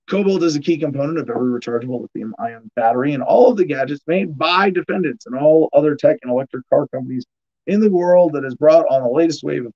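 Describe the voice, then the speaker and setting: In a relaxed news-commentary podcast, the male host goes through headlines with sarcastic riffs, frequently restarting and breaking into laughter. He has a warm, mid-range voice, captured in a muffled recording.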